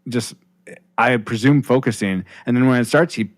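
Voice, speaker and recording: A man's voice: mid-range voice, normal speed, no echo. A man hosting a casual podcast, rambling with restarts while reading listener comments on a close mic. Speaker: podcast host.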